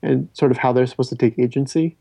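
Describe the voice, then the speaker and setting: Guy hosting a movie podcast, kinda rambly, mellow dark tone, dry sound. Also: mid-range voice, steady tone, quick pace, vocal fry, husky, dry recording. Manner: rambling, self-interrupting, stammers on restarts. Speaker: podcast host. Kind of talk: casual film discussion.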